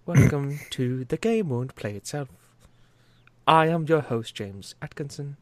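A man's voice: on the high side, expressive, measured pace, dry recording. A pompous posh British host with a stiff, formal announcer delivery, as a man puts it on. The upper-class English accent is laid on thick. The sound is close and dry, with no room around it. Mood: mock-grand. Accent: put-on upper-class English.

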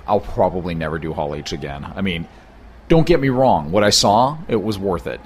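A man's voice: deep voice, animated, normal speed, darkish tone, a little hiss or hum. A man co-hosting a casual chat in a hostel room, telling a long rambling story with many fillers. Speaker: podcast co-host.

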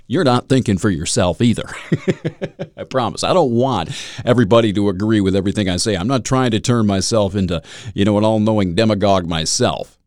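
A man's voice: on the low side, fairly quick, a little mellow, dry recording, clean studio sound. A man hosting a solo podcast, talking in a loose, rambling, wry way and chuckling at his own jokes. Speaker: podcast host. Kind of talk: casual solo podcast monologue.

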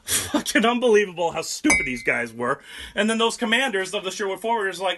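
A young man retells history with a high voice and lots of crude, mocking jokes. His tone is bright and cutting. He sounds animated and loose, like a casual podcast host. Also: brisk, slight background noise. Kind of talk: casual comic history storytelling.

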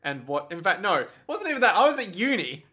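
A young man from Australia tells stories in loose podcast banter, swearing and laughing easily. His voice is fairly high and bright, with a pitch that swings widely. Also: husky. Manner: animated, swearing, quick to laugh. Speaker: podcast co-host. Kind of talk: casual banter recapping an anime.

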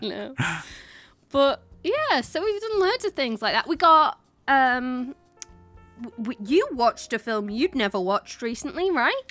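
A woman's voice: high voice, sing-song, unhurried, a bit bright, faint music behind. A young woman, co-hosting a casual chat and telling stories with lots of giggles. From England. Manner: chatty, giggly storyteller. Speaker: podcast co-host.

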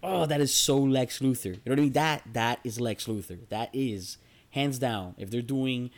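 A man's voice: medium pitch, moderate pace. Enthusiastic rambling man in casual chat.

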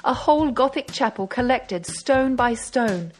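Woman doing brash young male detective, eager, triumphant, fairly high voice, faint music behind. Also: animated, a little slow. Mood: exultant.

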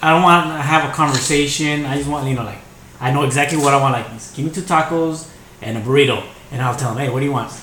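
A young man in casual chat on a podcast, relaxed and easygoing, often saying "you know". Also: mid-range voice, fast, roomy sound, a little hiss or hum. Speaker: podcast guest.

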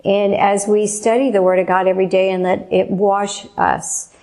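A woman preaching a testimony sermon in an earnest, slow and emphatic way. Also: medium pitch, flat delivery, a little mellow.

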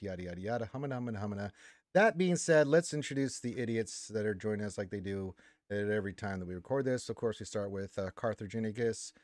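A man's voice: on the low side, darkish tone, no echo, clean studio sound. A man hosting a casual podcast chat, rambling and teasing his guests with jokes. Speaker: podcast host.

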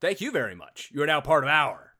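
Male podcast host, bright forceful tone, rambling friendly chatter with fillers. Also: a little high, sing-song, quick pace. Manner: chatty, self-deprecating, lots of filler words. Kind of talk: casual podcast chat.

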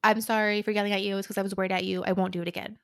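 A woman voicing a gruff grown man who gives blunt, awkward apologies while retelling a story. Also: medium pitch, flat delivery, rapid-fire, dry recording, studio quality, close to an everyday voice.

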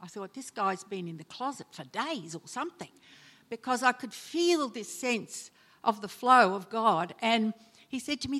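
A woman's voice: a little high, animated, normal speed. A woman preaching a sermon, telling personal stories and acting out the people she quotes with sudden emotional lifts. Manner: storytelling, acts out quoted voices with sudden loud emotional lifts. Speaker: preacher and chaplain.

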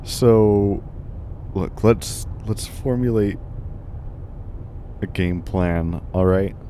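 A man co-hosting a casual comedy podcast, talking in a deadpan way and steering the improvised bit. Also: low voice, extremely slow, slight background noise. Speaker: podcast co-host.

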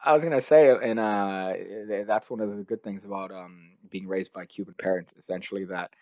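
A man whose first language is Spanish, chatting as a podcast guest over a remote call, animated and joking. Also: lowish voice, moderate pace. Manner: animated, joking, does mock voices. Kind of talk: casual chat.

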